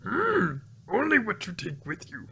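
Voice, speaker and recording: A small, wise old alien master, as a man puts him on, speaking in back-to-front sentences. Each line comes after a thoughtful hum, lifted a little above a normal speaking pitch. It's a loose, half-baked impression from a cartoon fan. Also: huge pitch swings, vocal fry, sharp tone, full character voice. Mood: solemn. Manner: inverted sentences, humming pauses.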